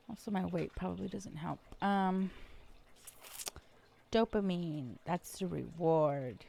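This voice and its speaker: Slow, gravelly-voiced woman chatting casually. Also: lowish voice, a little mellow, a little hiss or hum. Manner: chatty, rambling, self-deprecating, many fillers. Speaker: podcast host. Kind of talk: casual solo podcast chat.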